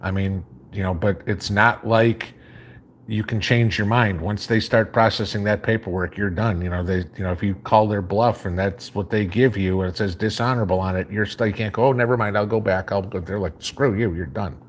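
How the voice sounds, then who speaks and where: Man, very low voice, faint Chicago accent, live stream host, reads out and answers chat, rambling casual talk, faint background hum. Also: moderate pace. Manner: reads viewer comments aloud and answers in a relaxed, rambling way.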